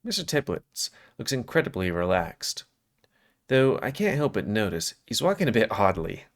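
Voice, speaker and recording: A man's voice: lowish voice, sing-song, moderate pace. Man reading a visual novel aloud. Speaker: game reader.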